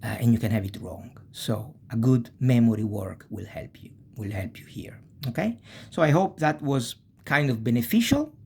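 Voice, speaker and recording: A man teaching a video language lesson. He pronounces example words slowly and often checks in with the listener with short "eh?" or "okay?" tags. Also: medium pitch, lively intonation, gravelly, mellow, husky. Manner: says Italian example words slowly and deliberately.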